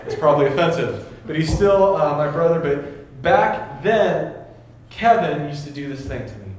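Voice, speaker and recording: Animated young man preaching in an echoey hall. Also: on the high side, normal speed, a little hiss or hum. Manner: animated, laughing, acts out voices in stories. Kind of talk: casual sermon. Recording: very echoey room with faint ambience.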